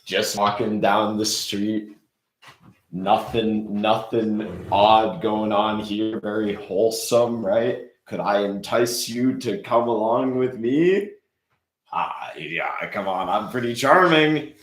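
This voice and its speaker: A man's voice: fairly low pitch, slow, roomy sound, low-quality recording. A man voicing a flirty, charming woman in an improv comedy scene, coaxing.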